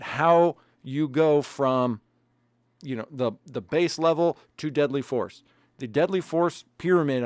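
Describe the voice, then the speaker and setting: A man's voice: medium pitch, a little mellow, no echo. A man co-hosting a podcast, ranting angrily and swearing a lot as he argues his point. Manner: profane, angry, emphatic. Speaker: podcast co-host. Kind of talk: heated casual podcast rant.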